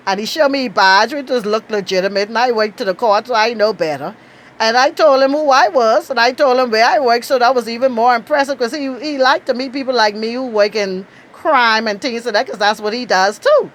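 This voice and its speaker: A middle-aged Bahamian woman with a Bahamian accent, telling a lively, outspoken story and laughing often. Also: fairly quick, a little hiss or hum. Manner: animated, outspoken, laughs often, acts out quotes in high bursts. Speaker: travel storyteller. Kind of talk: casual storytelling.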